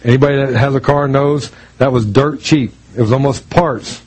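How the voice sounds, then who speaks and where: Conversational preacher telling a story. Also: male voice, medium pitch, fairly even intonation, normal speed, a little mellow, husky, rough recording. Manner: conversational storytelling with many restarts; acts out quoted voices in dialogue. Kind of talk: sermon with personal story.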